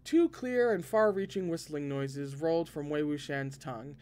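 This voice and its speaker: A man reading a novel aloud expressively, now and then breaking in with excited asides. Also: a little high, normal speed, smooth. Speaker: podcast reader.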